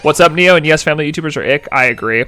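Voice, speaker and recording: A man's voice: a little high, very fast, pushed and bright, soft background music. A young man chatting casually with his live-stream chat, rambling and joking as he reads messages aloud.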